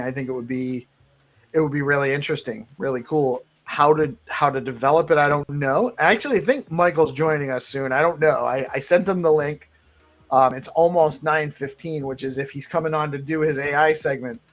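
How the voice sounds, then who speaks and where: A man hosting a live crypto news stream, chatting casually and eagerly with many restarts. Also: fairly high pitch. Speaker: show host.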